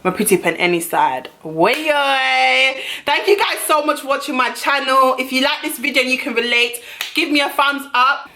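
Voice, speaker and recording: A young woman telling a storytime vlog in a brash, profane, animated way, recorded at home on a camera mic. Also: high-pitched, moderate pace. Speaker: vlogger.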